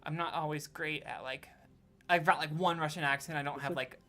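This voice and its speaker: A woman's voice: low-pitched, fairly even intonation, fairly quick, a bit bright. A woman narrating as game master of a tabletop game, rambling and self-correcting as she goes.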